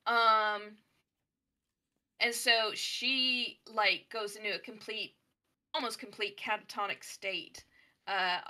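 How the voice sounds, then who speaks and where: Chatty bright-voiced woman gamer. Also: mid-range voice, takes it slowly, pauses often. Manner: chatty, animated, many fillers. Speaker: gaming streamer. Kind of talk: casual storytelling while playing a game.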